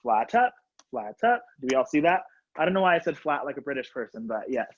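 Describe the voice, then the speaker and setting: A young man teaching a color guard class over a video call from his home, upbeat and casual, counting out loud and coaching students by name. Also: medium pitch, expressive, fast talker. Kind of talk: live online class instruction. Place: home room, on the floor. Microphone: laptop webcam on a video call. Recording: dull lo-fi video call audio.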